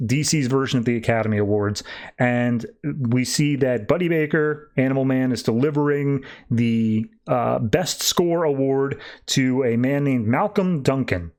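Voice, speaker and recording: A man's voice: medium pitch, measured pace, a little mellow. A male podcast host loosely retelling a comic book story in casual chat, paraphrasing the characters as he goes.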